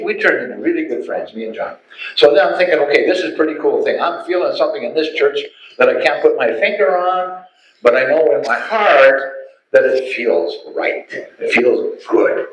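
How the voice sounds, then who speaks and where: Animated man telling his story. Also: mid-range voice, a little hiss or hum. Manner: animated storyteller who acts out voices. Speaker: testimony speaker. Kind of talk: personal testimony storytelling. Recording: echoey room, faint ambience.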